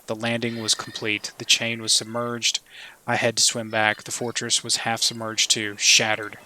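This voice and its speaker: A man voicing a frail, bitter old soldier in his sixties, delivering a grim, haunted monologue in a flat voice. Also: on the low side, normal speed, slight background noise, poor audio. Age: 60s.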